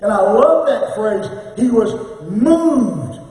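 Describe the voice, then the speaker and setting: Pastor, male, mellow and high-pitched, preaching with chanted cadences; distant mic, long church reverb. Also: lively intonation, takes it slowly. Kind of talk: sermon. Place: church sanctuary.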